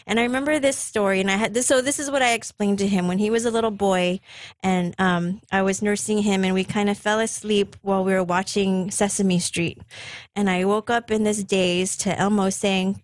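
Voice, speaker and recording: A mother in her forties sharing a personal faith story in conversation, gently teasing her son. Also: medium pitch, fairly even intonation, fairly quick, no room sound. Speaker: guest, mother of a sick teen.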